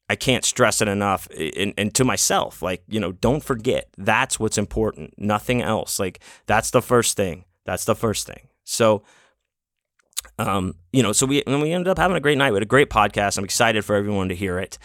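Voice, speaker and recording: A man's voice: fairly low pitch, lively intonation, normal speed, a bit bright, no room sound, clean studio sound. A man hosting his own podcast, telling a loose, rambling story in casual chat with plenty of swearing. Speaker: podcast host. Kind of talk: casual solo podcast recap.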